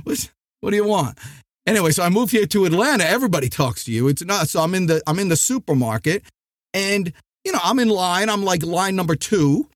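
A middle-aged man from New Jersey hosting a sales podcast, talking in an animated, rambling way with frequent restarts. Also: high-pitched, fast talker, no echo, clean studio sound. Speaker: podcast host. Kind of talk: energetic sales podcast monologue.

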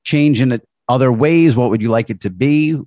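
A man hosts a casual interview, circling his questions with a string of "like" and "I feel like" before he lands them. His voice is at a middle pitch for a man. The recording is dry and close. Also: moderate pace, warm tone, no room sound. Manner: rambling, heavy use of "like" and "I feel like".

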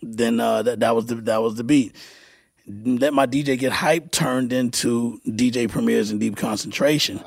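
Gravelly middle-aged man telling stories. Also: mid-range voice, no room sound, studio quality. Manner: halting, repeats words, acts out quoted dialogue. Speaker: music producer guest. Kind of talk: casual storytelling interview.

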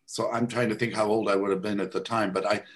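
Man, Midwestern American accent, interview guest, reflective, wry, unhurried chat. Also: fairly low pitch. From United States. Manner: relaxed, wry, reflective storytelling. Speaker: guest conductor.

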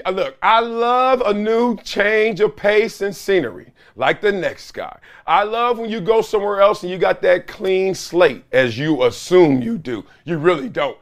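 A middle-aged man with a hoarse, fairly high voice hosts a solo sports commentary show, animated and sarcastic, letting out loud whoops.

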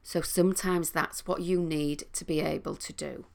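A middle-aged woman, a coach and trained therapist, explaining listening skills in a calm, teaching manner. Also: deep voice, normal speed, gravelly. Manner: calm, explanatory, with sing-song demonstrations. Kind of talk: talking to camera, teaching.

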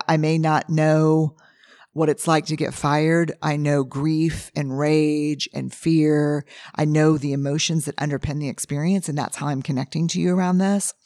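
A hoarse woman hosting a podcast, telling animated stories in a casual monologue and acting out what people said. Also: deep voice, dry recording, studio quality. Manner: animated storyteller who acts out quotes, with frequent restarts. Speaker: podcast host and researcher. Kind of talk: casual monologue answering listener questions.

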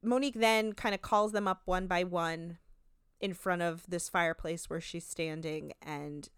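Casting note: low-pitched, smooth-voiced woman, podcast co-host, chatty recap with quick asides and laughs. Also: steady tone, fairly bright tone, no echo, clean studio sound. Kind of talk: casual chat.

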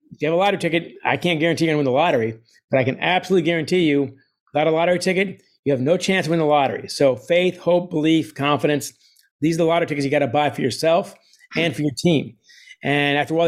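A middle-aged man, an author speaking as a guest, telling stories in an animated way and laughing often. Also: a little high. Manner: energetic, quotes others in put-on voices, laughs often. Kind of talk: animated storytelling interview.

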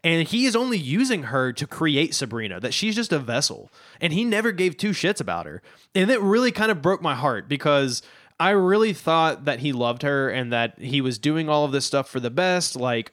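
A man's voice: a little high, normal speed. Man, casual co-host, loose chatty delivery, fills talk with "like". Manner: relaxed, chatty, lots of "like" and "yeah". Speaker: podcast co-host. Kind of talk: casual comic-book discussion.

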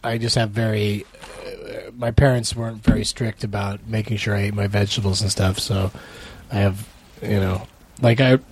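A man's voice: fairly low pitch, flat delivery, moderate pace, husky. A man, a comedian co-hosting a food show, chatting casually with dry, self-mocking jokes. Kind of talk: casual joking chat.

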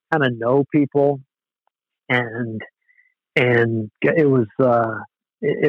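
A man casually telling an animated, loose, swearing story about touring as a musician. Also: mid-range voice, no room sound. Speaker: musician guest. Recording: dull, lo-fi sound.

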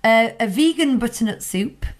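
Woman, northern english accent, podcast co-host, chatty and laughing, slightly high voice. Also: lively intonation, moderate pace. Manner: chatty, laughs often, reads menu items aloud. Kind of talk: casual podcast chat.

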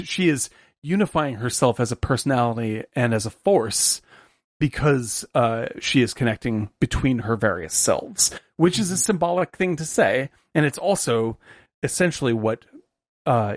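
A man chatting casually about a film, his voice sitting at an ordinary middle pitch. He thinks aloud, circling back with fillers and restarts as he hunts for the right words. The sound is dry and close, with no room around it. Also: normal speed, no echo. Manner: thoughtful, searching for words with many fillers and restarts.

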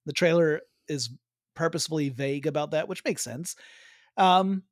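A man co-hosting a casual chat show, relaxed and laughing as he talks, with a touch of hiccups. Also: a little high, moderate pace, no room sound, studio quality. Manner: relaxed, chuckling, trailing off. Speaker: podcast co-host.

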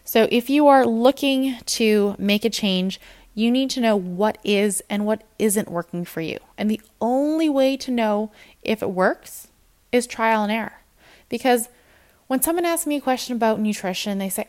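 A woman's voice: a little high, moderate pace, a little mellow. A woman fitness and nutrition coach giving a casual motivational talk, candid and encouraging, acting out her own inner voice.

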